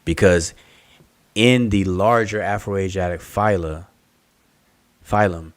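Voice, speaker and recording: A man's voice: low-pitched, slow, no room sound. A man hosting an online study group hangout, explaining patiently and thinking aloud over a video call. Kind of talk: casual online hangout discussion.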